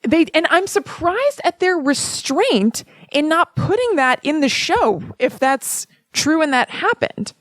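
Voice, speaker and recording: A woman's voice: sits high, sing-song, unhurried, hardly any pauses, fairly bright tone, no echo. A woman co-hosting a casual podcast, rambling and laughing as she acts out quotes in a chatty retelling. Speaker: podcast co-host. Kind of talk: casual chat.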